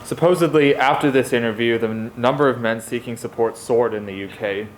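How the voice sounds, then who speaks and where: A man's voice: mid-range voice, a little fast, a little hiss or hum, rough recording. A male student presenter at a school assembly, plainly announcing the next segment. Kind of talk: reading a prepared talk.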